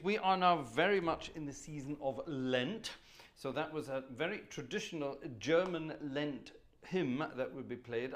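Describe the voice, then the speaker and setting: A man's voice: medium pitch, a bit bright. A man hosting a live organ concert stream from home, chatting in a genteel, slightly theatrical way. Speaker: organist and livestream host. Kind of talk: casual live-stream chat. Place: warm room at home with an organ.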